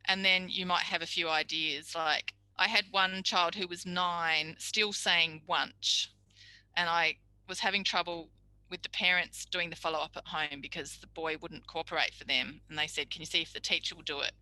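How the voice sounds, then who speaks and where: A woman's voice: on the low side, fairly even intonation, normal speed, sharp tone, no room sound, poor audio. A middle-aged woman, a speech pathology tutor giving a chatty, practical tutorial lecture. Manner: chatty, practical, acts out little quoted exchanges.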